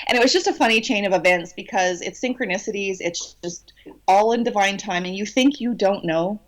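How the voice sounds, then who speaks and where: A woman telling a personal story in a podcast interview, cheeky and animated, with many restarts. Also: mid-range voice, brisk. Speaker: guest channeler.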